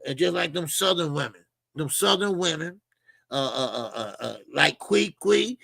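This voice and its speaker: A middle-aged man hosting boxing commentary, with a somewhat high, gravelly voice and a sharp, forceful tone. He rambles casually, full of slang, fillers and repeated words. The sound is dry and close. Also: lively intonation, moderate pace, no echo. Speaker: boxing channel host.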